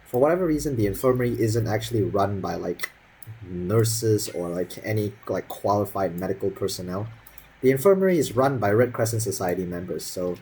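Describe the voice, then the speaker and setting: Husky young man ranting sarcastically. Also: fairly low pitch, lively intonation, brisk, a little mellow, rough recording. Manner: profane, sarcastic, rambling with many fillers. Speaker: vlogger telling a school story. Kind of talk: casual storytelling rant.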